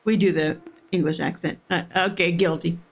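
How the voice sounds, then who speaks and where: Female co-host, creaky voice, giggly casual chat. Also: lowish voice, steady tone, moderate pace. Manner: giggly, earnest, stumbles over words. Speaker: reaction video co-host.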